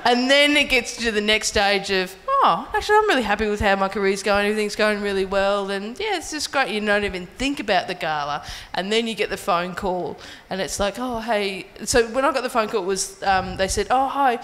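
A woman's voice: medium pitch, expressive, fairly quick, hardly any pauses, fairly bright tone, long reverb tail. An Australian woman comedian telling a story in casual chat on a live show, laughing often. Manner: laughs often, tells a story acting out her own reactions. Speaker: comedian and podcast co-host. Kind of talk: casual comic chat before a live audience.

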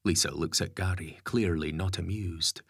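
A man narrating an audiobook story in a measured storytelling manner. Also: low voice, fairly even intonation, a bit bright, slightly rough, no room sound, studio quality.

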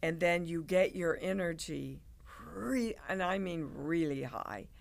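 A woman, a guest on an interview show, telling stories in an animated way and acting out the people in them. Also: lowish voice, unhurried, gravelly. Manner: animated, acts out quoted people. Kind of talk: casual interview storytelling.

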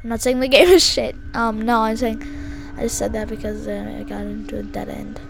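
A young woman commenting casually as she plays horror games at a computer, jumpy and quick to shriek and scream at scares. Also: fairly high pitch, steady tone, vocal fry, over music. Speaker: gaming video host.

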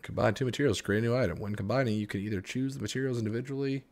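A man's voice: mid-range voice, very fast, vocal fry, faint music behind. A man streaming a video game, chatting casually with a co-host and joking as he reads game text aloud. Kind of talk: casual gaming chat.

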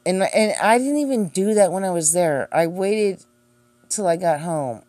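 Slow-talking, defensive young woman ranting. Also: on the low side, lively intonation, dark tone, no room sound. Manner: profane, defensive, sarcastic with scoffing laughs. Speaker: streamer responding to accusations. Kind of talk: casual ranting monologue.

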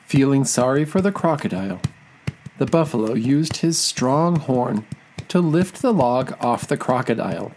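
Children's storybook narrator, unhurried and very animated. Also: medium pitch, slight background noise, poor audio. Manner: slow, expressive read-aloud.

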